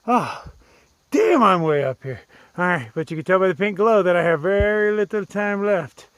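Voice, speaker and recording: A man's voice: high voice, lively intonation, normal speed, smooth, dry recording. A man vlogging on a wooded mountain trail, telling stories in a blunt, profane, self-mocking way, a little out of breath from the climb. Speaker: solo thru-hiker vlogger. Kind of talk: casual vlog talk to camera.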